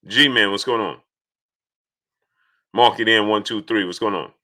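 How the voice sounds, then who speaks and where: Speaking at a measured pace in a voice on the low side, a man hosts a casual live stream. He reads out viewer names to greet each of them, and when arguing his points he grows loud and insistent.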